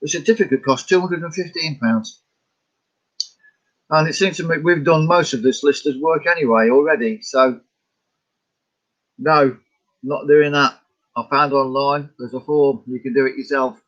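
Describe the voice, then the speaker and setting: Rambling Scottish man, husky and lo-fi. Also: fairly high pitch, normal speed, pauses often, a bit bright. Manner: rambling, chuckling, talks to himself. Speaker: artist vlogger. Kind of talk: casual chat about his paintings.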